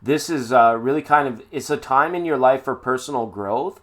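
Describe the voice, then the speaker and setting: A man's voice: medium pitch, moderate pace, a bit bright. Guy doing live tarot readings, chatty and playful, kinda sing-songy. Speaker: tarot reader.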